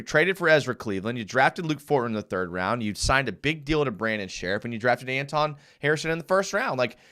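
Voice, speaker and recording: On a live fan show, a young man with a medium-pitched voice reviews game film and reads out viewer comments, growing animated and easily heated.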